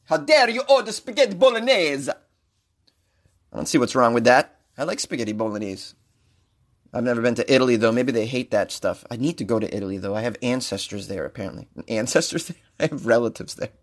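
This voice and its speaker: A man's voice: mid-range voice, fast. A man hosting a comedic news podcast, rambling and joking in a self-mocking way. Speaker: podcast host.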